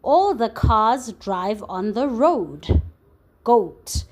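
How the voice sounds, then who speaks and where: Slow, patient woman phonics tutor. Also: a little high, very animated, darkish tone. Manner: slow, patient, clearly sounding out letters. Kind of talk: phonics lesson for young children.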